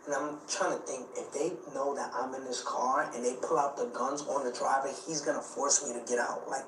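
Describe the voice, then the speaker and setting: A man telling a tense story as an interview guest. He acts out the voices of the people in it and speeds up at the exciting parts. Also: medium pitch, moderate pace. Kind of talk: animated storytelling. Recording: echoey room, distant mic, faint noise.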